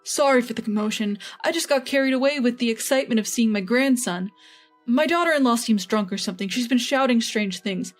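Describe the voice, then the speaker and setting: A man's voice: very high-pitched, brisk, faint music behind. A woman reading as a bullying older father-in-law. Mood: flippant. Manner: pleading then blustering.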